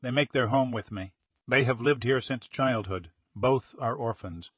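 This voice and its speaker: A man voicing a hysterical, slow-witted wealthy middle-aged man who cries out in alarm in a detective audiobook. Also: medium pitch, slightly rough, dry recording. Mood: pleading. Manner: excitable, crying out in alarm.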